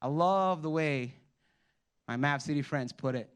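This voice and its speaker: High-voiced man preaching with animation. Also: measured pace, smooth. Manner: animated preaching with sudden drops to quiet asides; calls on the congregation to respond. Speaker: pastor. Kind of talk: sermon.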